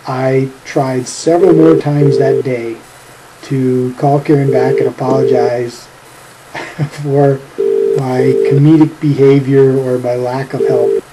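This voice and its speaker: A man's voice: mid-range voice, steady tone, a little slow, noisy background. A middle-aged man narrating a family anecdote for a home video with a dry, teasing humor, chuckling at his own jokes. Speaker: family storyteller.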